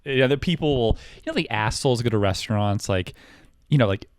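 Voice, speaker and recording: A man's voice: medium pitch, lively intonation, quick pace, smooth, dry recording, clean studio sound. A man in his thirties co-hosting a podcast, telling rambling comic stories full of fillers. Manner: rambling, filler-heavy, mimics voices in anecdotes. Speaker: podcast co-host. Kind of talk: casual comedic storytelling.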